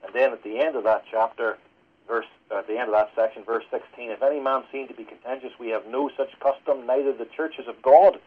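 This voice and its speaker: A man from Northern Ireland, a pastor, speaking as a radio interview guest in a fast, earnest teaching manner. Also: medium pitch, husky. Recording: lo-fi radio broadcast.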